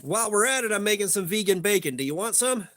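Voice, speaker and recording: A man's voice: high-pitched, lively intonation, fast, a bit bright, slight background noise. A young man hosting a casual livestream, rambling profanely and greeting viewers in chat by name. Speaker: livestream host.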